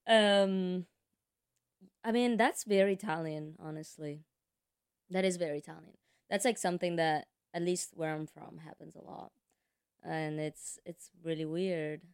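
Woman, casual chat, hesitant, smooth clear voice, somewhat low. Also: steady tone, a little slow, no room sound, clean studio sound. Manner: hesitant, thoughtful, with fillers.

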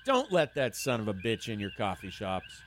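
A man's voice: fairly low pitch, huge pitch swings, moderate pace, fairly bright tone, a little hiss or hum. A man hosting a radio show, ranting sarcastically and heatedly, swearing freely. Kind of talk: casual ranting monologue. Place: San Francisco.

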